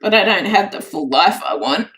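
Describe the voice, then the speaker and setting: A woman hosting a casual crafts livestream, emotional and teary, repeating herself with excitement. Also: fairly low pitch, normal speed, faint music behind, poor audio. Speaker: crafts channel host.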